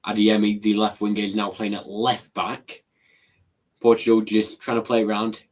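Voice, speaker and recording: Low-voiced man calling football play-by-play. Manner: brisk, running play-by-play with excited bursts. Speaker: co-commentator on a live watchalong. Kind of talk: live football play-by-play commentary.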